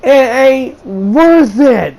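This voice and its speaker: High-voiced man ranting a blunt review. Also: animated, extremely slow, a little mellow, rough recording. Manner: exasperated, blunt and profane. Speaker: video game channel host reviewing a movie.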